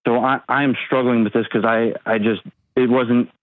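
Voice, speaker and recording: A man in his thirties calling an advice show, talking haltingly with many pauses and ums. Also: mid-range voice, flat delivery, no echo. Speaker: caller. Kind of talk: call-in advice talk. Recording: tinny phone line.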